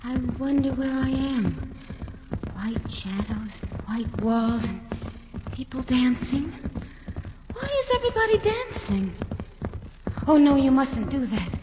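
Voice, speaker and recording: A woman's voice: high-pitched, very animated, slow, pauses often, muffled recording, noisy background, full character voice. An actress playing a young woman from the American South, delirious with fever, talking in a breathless, pleading way.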